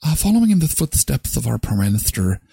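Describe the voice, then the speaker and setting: A man impersonating a young woman celebrity fumbling through an apology, mock-sincere and halting. The pitch swings widely. The sound is dry and close. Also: big pitch swings, vocal fry, mellow, husky, dry recording, exaggerated voice.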